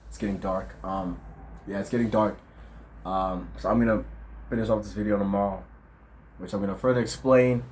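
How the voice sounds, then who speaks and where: A man's voice: fairly low pitch, slight background noise. A man of twenty in a casual, reflective vlog monologue, full of slang and fillers, talking outdoors at dusk. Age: 20s. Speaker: vlogger.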